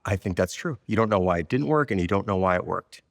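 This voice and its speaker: A man's voice: low-pitched, lively intonation, quick pace, vocal fry, no echo, clean studio sound, in a large hall. A middle-aged man speaking as an interview guest, reflective and candid in a casual conversation. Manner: reflective, candid, affirming with short yeses. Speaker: guest, software company founder.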